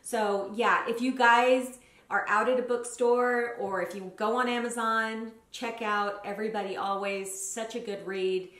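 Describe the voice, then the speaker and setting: A woman's voice: medium pitch, fairly bright tone. A woman vlogger chatting casually through her monthly favorites, gushing and using lots of fillers. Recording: roomy echo.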